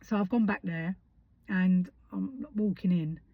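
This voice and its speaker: A woman's voice: on the low side, unhurried, no echo. A woman in her thirties tells a story bluntly, heated and swearing freely. Her voice sits close and dry, with a slightly dull, lo-fi tone. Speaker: vlogger. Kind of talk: casual storytelling. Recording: dull lo-fi sound.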